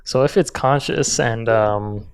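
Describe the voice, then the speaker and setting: A man's voice: medium pitch, takes it slowly, smooth. A man on a casual podcast who teases and provokes his co-host with hypothetical scenarios. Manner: teasing, provocative, posing hypotheticals. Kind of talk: casual debate chat.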